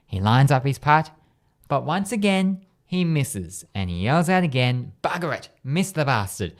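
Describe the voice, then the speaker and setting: A man with an Australian accent hosting a radio show, telling a long joke in a chatty way and laughing at his own punchlines. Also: medium pitch. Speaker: radio host. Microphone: studio microphone.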